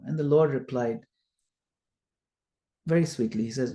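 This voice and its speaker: A man's voice: mid-range voice, brisk, long pauses. Man telling a scripture story, echoey room. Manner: animated storyteller, acts out quotes. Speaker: scripture study teacher. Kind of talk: storytelling lecture.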